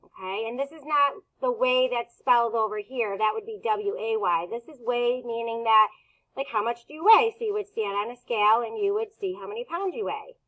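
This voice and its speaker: A woman teacher leading a recorded phonics lesson for young students, speaking slowly and clearly and pausing for answers. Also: a little high, a bit bright, low-quality recording.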